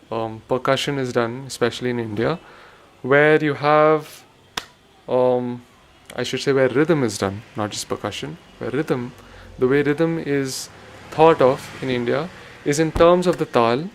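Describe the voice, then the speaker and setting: Male rhythm teacher, mid-pitched voice, patient explainer who chants syllables aloud, faint background hiss. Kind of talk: spoken music lesson with chanted syllables.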